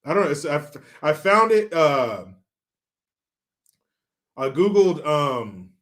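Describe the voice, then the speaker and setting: A man's voice: on the high side, very animated, fairly bright tone. A man from California hosts a casual livestream and chats through viewer comments. He jokes and swears freely and laughs as he goes. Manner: profane, joking, chatty, pauses to laugh. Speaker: livestream host.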